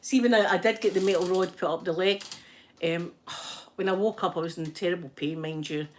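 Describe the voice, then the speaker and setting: A woman's voice: on the low side, a little fast, a little hiss or hum. A Scottish woman hosting her own channel, chatting casually while ironing and telling stories with frequent laughter. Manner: chatty, storytelling, laughs often. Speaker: channel host.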